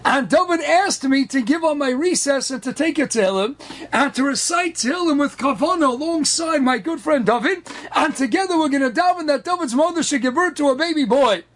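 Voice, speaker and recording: A man telling an inspirational story in an animated, emphatic way, sprinkling in Hebrew and Yiddish terms. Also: extremely high pitch, brisk, a little hiss or hum. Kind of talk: inspirational story at a wedding celebration.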